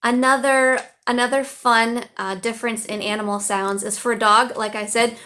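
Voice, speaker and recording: A woman's voice: fairly high pitch, fairly even intonation, moderate pace, bright, forceful tone. An American woman, an online English teacher, giving upbeat, chatty teaching tips into her phone in a casual vlog. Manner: upbeat, chatty, with playful animal-sound imitations.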